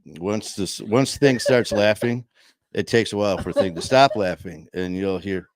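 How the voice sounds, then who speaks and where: A man's voice: fairly low pitch, unhurried, no echo. A man hosting a casual chat show from a home studio, rambling with many fillers and restarts. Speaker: podcast host. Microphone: headset.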